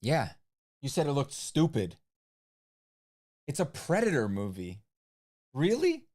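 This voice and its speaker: A man's voice: mid-range voice, sing-song, unhurried, darkish tone. A man co-hosting a casual livestream, chatting and teasing his partner in laid-back banter. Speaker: livestream co-host. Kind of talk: casual chat.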